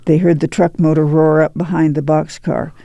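Male audiobook narrator, measured and gravelly, somewhat higher pitch, dry. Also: little pitch movement, dark tone, no echo. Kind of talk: scripted narration.

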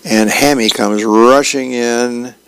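A man hosting a radio segment, reading comic strips aloud in a relaxed storytelling way. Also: medium pitch, takes it slowly, smooth. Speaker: radio host.

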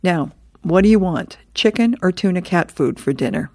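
Lady doing a deadpan sarcastic cat, low and gravelly. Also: moderate pace, dry recording. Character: dry sarcastic house cat.

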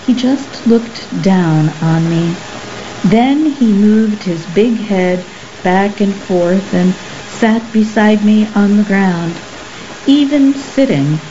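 A woman narrates a story slowly and carefully, with a mellow, warm tone and a measured, somber delivery. The recording is a little muffled, with faint hiss underneath. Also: medium pitch. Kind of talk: scripted narration.

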